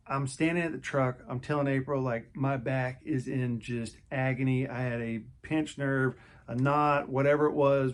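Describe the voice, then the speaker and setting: Middle-aged man telling a personal story. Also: mid-range voice. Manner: conversational, repeats and restarts words. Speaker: vlogger.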